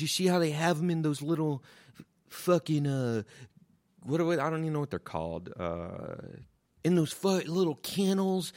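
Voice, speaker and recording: A man's voice: on the high side, a little mellow, no echo, clean studio sound, pitched above the performer's own voice. A man doing a smug preachy hippie guy. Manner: drawn-out, calls everyone "man". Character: smug preachy male hippie dog owner.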